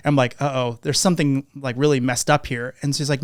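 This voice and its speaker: A fast-talking podcast host with a medium-pitched voice tells a casual anecdote with hardly a pause. He animates the story by acting out what people said. The recording is dry and studio quality.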